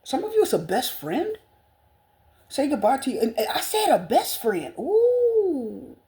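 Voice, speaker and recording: A woman's voice: fairly high pitch, huge pitch swings, normal speed, dark tone, a little hiss or hum. A woman giving a tarot reading to viewers, gushing and repetitive with a spiritual bent. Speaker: tarot reader.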